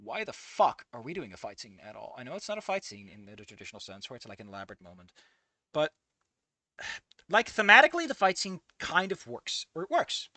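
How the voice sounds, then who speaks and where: A man's voice: fairly high pitch, wildly swooping pitch, fairly quick, pushed and bright, no echo. A man giving a profane, exasperated running commentary while reading a fanfic. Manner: profane, exasperated, swearing often. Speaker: fanfiction reviewer.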